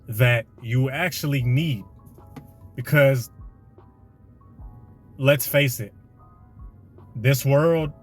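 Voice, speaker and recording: Casual motivational talk from a man. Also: medium pitch. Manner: slangy, conversational, preachy. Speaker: podcast host.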